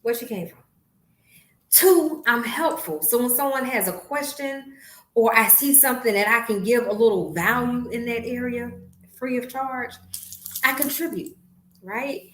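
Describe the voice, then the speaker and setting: A woman in her fifties hosting a podcast, talking in a blunt, profane monologue that swings from low asides to loud outbursts. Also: a little slow. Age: 50s. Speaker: podcast host. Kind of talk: candid monologue. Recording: roomy echo.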